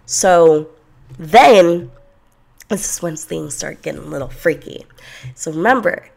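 A woman's voice: deep voice, animated, a little slow, gravelly, darkish tone. A young woman from Los Angeles telling a candid personal story in a blunt, chatty, profane way.

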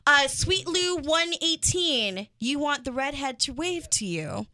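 A woman's voice: high-pitched, animated, takes it slowly, pushed and bright. A woman hosting a radio chat show, brash and profane. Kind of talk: casual chat.

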